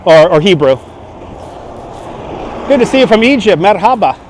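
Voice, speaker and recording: A fairly high-voiced man with a light New York accent strolls outdoors while livestreaming. He chats casually, reacting to viewer comments. Street traffic passes in the background as he holds a phone on a gimbal. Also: expressive, moderate pace. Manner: chatty, answers viewer comments on the go. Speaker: livestream walking tour guide. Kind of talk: casual live-stream chat while walking. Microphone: handheld phone on gimbal.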